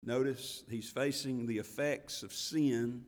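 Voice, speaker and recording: A man preaching a sermon as pastor, swinging between loud emphatic passages and hushed, slow ones, and reading scripture in King James wording. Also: mid-range voice, steady tone, big-room sound. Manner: reads scripture aloud in King James wording with rising intensity.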